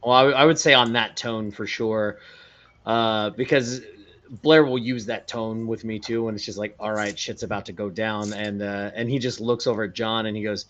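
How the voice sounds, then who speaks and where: A man playing a tabletop role-playing game, describing his character's actions in an animated way. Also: lowish voice, moderate pace, highs cut off, a little hiss or hum. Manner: animated, builds up vivid descriptions. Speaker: player.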